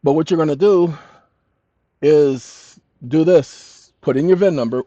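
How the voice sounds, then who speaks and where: A fairly high-voiced man lectures his audience with insistent emphasis, slowing down to dictate text word by word. The recording is dry and dull, with a muffled, lo-fi sound. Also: no echo. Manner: emphatic, addresses listeners as "ladies and gentlemen"; slow, deliberate dictation of text. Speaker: channel host. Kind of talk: lecturing monologue to viewers.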